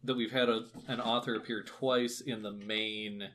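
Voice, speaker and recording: A man's voice: on the low side, steady tone, normal speed, a bit bright, a little hiss or hum. Wry, wordy male podcast co-host. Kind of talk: casual chat.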